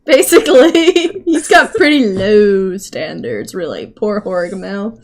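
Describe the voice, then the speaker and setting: A woman's voice: medium pitch, animated, takes it slowly. A woman running a tabletop game as game master, narrating in a casual, giggly, rambling way.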